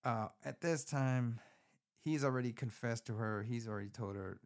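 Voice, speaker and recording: A man's voice: mid-range voice, normal speed. Profane, rambling man recapping a movie. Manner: profane, rambling, animated storytelling. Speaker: podcast host. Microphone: phone.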